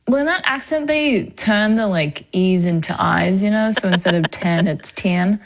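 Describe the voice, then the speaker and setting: A woman's voice: mid-range voice, normal speed, low-quality recording. A young woman, an actress being interviewed, talking chattily with fillers and laughs. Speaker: actress, guest. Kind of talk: casual interview chat.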